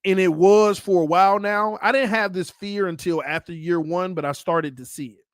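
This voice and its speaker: A man hosting a sports fan channel, talking in a casual, animated, teasing way and breaking into loud excited hollering. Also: high-pitched, moderate pace, no room sound, studio quality. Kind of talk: casual fan commentary vlog.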